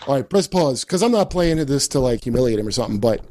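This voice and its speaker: A man's voice: mid-range voice, expressive, quick pace, dark tone. A man talking casually on a podcast, rambling and swearing as he laughs at his own jokes. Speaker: comedian guest.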